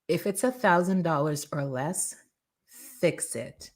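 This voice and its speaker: Middle-aged female host, brand coach, low-ish voice, emphatic, energetic motivational delivery. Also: unhurried.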